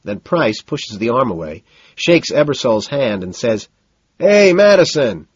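A man's voice: fairly low pitch, lively intonation, a little slow, slightly rough, no room sound, highs cut off. A man giving first-person audiobook narration in a cool, detached manner, listing details.

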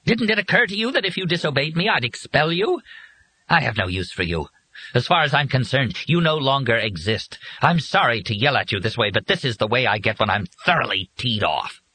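A man narrating a storybook and voicing a furious giant male bird creature that scolds and shrieks in a husky, very high voice. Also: big pitch swings, normal speed, sharp tone, full character voice. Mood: scolding. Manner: ranting, scolding, shrill.

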